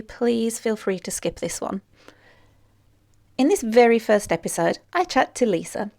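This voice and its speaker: A woman's voice: mid-range voice, darkish tone. A woman hosting a podcast, moving from a scripted welcome into casual, encouraging chat with her guest. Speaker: podcast host.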